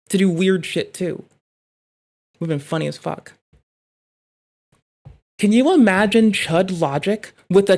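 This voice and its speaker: A streamer giving casual reaction commentary, rambling and swearing while thinking out loud in riffs, talking into a desk mic at home. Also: mid-range voice.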